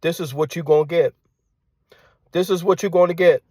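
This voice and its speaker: Ranting man, rather high, dry sound. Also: fairly even intonation, moderate pace, no echo. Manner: combative, repeats phrases and rhetorical questions; drops to hushed tone at times. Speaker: commentator. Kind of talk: ranting monologue.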